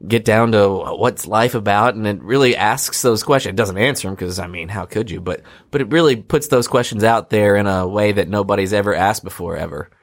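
A man's voice: lowish voice, fairly quick, few pauses. A man co-hosting a podcast, joking with a dry, mock-earnest delivery. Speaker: podcast co-host. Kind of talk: casual chat.

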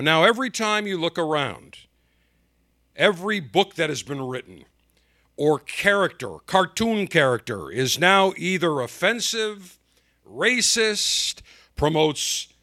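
A man hosting his own talk show, delivering punchy, indignant commentary in a fairly high voice with a bright, forceful edge. His pitch swings widely and his delivery stays emphatic throughout. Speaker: podcast host. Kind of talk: opinionated commentary.

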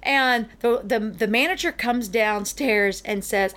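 A middle-aged woman hosting a podcast, telling a story in a casual, animated way and acting out the other people in it. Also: fairly high pitch, a little slow. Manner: animated, acts out the people in her stories.

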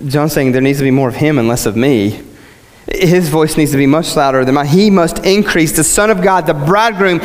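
High-voiced male preacher in a reverberant hall. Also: moderate pace. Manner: rhetorical questions, repeats phrases, swings from low to high. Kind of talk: sermon.

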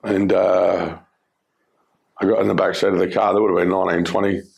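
A middle-aged Australian man giving his personal testimony, telling his story in an earnest, halting way with many fillers. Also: sits low, flat delivery, gravelly. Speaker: former criminal telling his life story.

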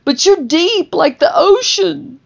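A woman puts on the voice of an earnest woman confessing her feelings, pitched well above the teller's own. It comes out breathless and heartfelt. The recording is a little dull and lo-fi. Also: animated, takes it slowly, creaky, exaggerated voice.

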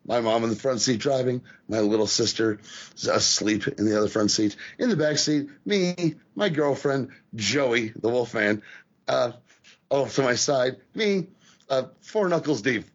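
A man co-hosting a casual wrestling podcast, talking in an animated, profane way and acting out the voices he quotes. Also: mid-range voice, unhurried, breathy edge, dull audio. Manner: animated, swears a lot, acts out quoted voices. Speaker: podcast co-host.

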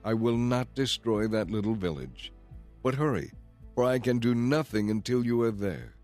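A man's voice: medium pitch, expressive, normal speed, a little mellow, no room sound, faint music behind, close to an everyday voice. A man voicing stern angels giving urgent, commanding warnings in a storybook reading.

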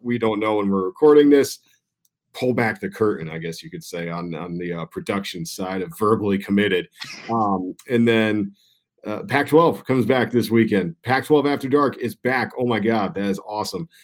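A man's voice: fairly low pitch, moderate pace. A young man co-hosting a sports podcast, talking loosely and rambling, swearing casually. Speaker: podcast co-host.

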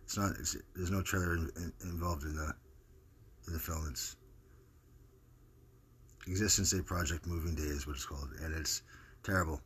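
A man's voice: low voice, steady tone, normal speed, long pauses, a bit bright, a little hiss or hum. A man giving a casual, rambling account, hesitating and correcting himself as he introduces a clip. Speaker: homeless advocate introducing a clip.

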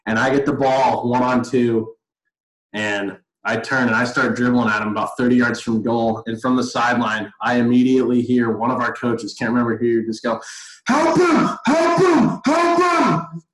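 A young man co-hosting a podcast, telling stories in a lively, easygoing way and laughing easily. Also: mid-range voice, moderate pace. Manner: animated storytelling, laughs easily. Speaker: podcast co-host. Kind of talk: casual sports chat. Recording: roomy echo.

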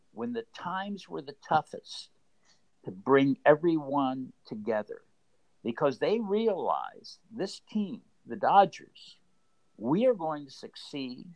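A man's voice: medium pitch, no room sound, poor audio. An older man, a former baseball executive, telling stories earnestly in an interview, often repeating and restarting words. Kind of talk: conversational storytelling.

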